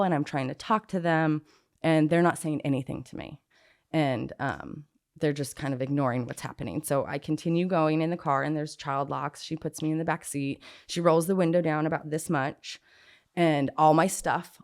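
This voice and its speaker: A woman with a notably low voice recounts her own story as an interview guest. She is candid and unfiltered, filling her speech with "like" and dropping swear words as she goes. She grew up in Southern California. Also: normal speed. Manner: frank and unfiltered, peppered with "like" and swearing. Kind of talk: recounting a personal story in casual conversation.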